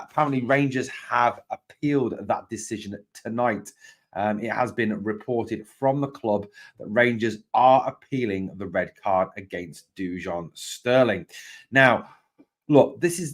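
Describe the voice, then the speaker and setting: Man, podcast host, live commentary, emphatic, repeats himself, greets viewers, middle pitch. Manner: emphatic, repeats points, opens with "now, look".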